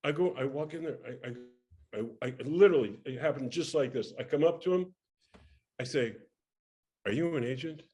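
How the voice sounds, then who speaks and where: Speaking briskly in a voice on the high side, an older interview guest energetically recounts a story from his career. He acts out the people he quotes, with frequent restarts, in a casual interview setting.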